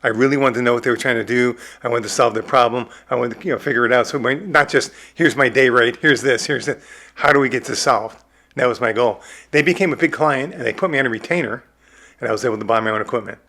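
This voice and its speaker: A man's voice: medium pitch, quick pace. A man in his sixties from the American Midwest, a film director telling stories from his career in a casual interview and acting out what people said. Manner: animated storyteller who acts out his own quotes.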